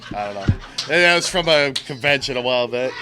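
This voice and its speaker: A man's voice: mid-range voice, background noise. A middle-aged man giving a blunt, profane talk to a recovery group, using street slang and acting out quotes. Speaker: recovery speaker.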